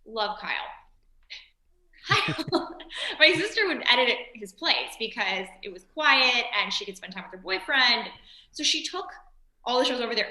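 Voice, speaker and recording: Animated woman, bright voice, echoey room. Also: fairly high pitch. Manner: animated storyteller, acts out quoted voices. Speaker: actress and series creator, guest. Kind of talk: casual interview chat.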